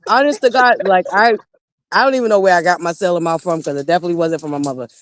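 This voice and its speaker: A woman with a Southern American accent hosting a casual livestream gossip chat, animated and quick to laugh, talking straight to her viewers. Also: fairly low pitch. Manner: animated, laughs often, talks to viewers as y'all. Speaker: livestream host.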